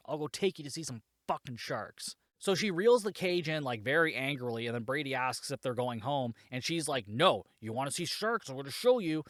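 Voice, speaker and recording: A man's voice: mid-range voice, fairly bright tone, dry recording, clean studio sound. A man hosting a podcast, recapping and reviewing a movie in a casual, sarcastic way, swearing a lot and saying "like" often. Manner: sarcastic and heavily profane; frequent filler "like". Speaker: podcast host.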